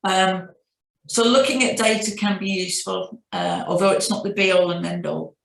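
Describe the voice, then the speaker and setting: A middle-aged woman with a Northern English accent recalls her career in a reflective, storytelling way, often restarting her sentences. Her voice sits at a moderate pitch, and the room around her is noticeably echoey. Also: moderate pace, gravelly. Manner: reflective, anecdotal, frequent restarts. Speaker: CEO guest. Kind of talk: business interview.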